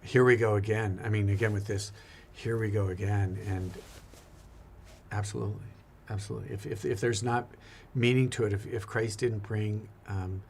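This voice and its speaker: Gravelly, earnest priest. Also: male voice, lowish voice, fairly even intonation, moderate pace, darkish tone, slight background noise. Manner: earnest, reflective, repeats words often. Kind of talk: casual faith conversation.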